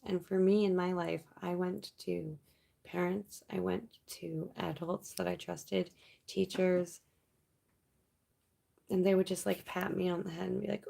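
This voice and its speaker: A woman's voice: lowish voice, fairly even intonation, measured pace, gravelly, dark tone. A woman from Canada hosting a late-night livestream, chatting casually and reading viewer comments aloud in a rambling way. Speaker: livestream host.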